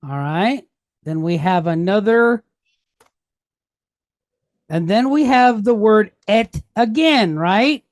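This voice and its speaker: A woman's voice: medium pitch, expressive, slow pace, long pauses, darkish tone, no room sound. A woman teaching a Hebrew lesson, going patiently step by step and asking questions that she then answers herself. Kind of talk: classroom lesson.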